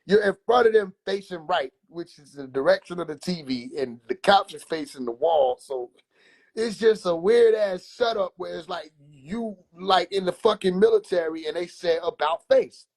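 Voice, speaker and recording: A man livestreaming from his phone, casually telling animated, profane childhood stories and laughing between lines. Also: high voice, moderate pace. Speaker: comedian livestreamer. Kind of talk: casual comedic storytelling.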